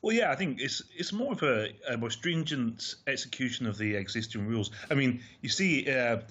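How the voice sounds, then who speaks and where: Male football pundit, radio phone-in, measured and hesitant, dull remote line. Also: medium pitch, lively intonation, fairly bright tone, husky.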